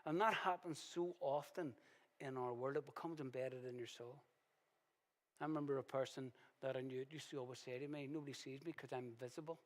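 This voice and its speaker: Man, pastor, sermon, conversational with loud emphatic bursts, medium pitch, long reverb. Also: fairly even intonation, brisk. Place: church hall. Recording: reverberant church hall.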